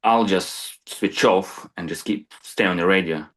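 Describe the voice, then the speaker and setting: A man's voice: low-pitched, a little slow, a bit bright. A man who is a crane supervisor, talking in casual podcast chat, plain-spoken and peppered with "you know".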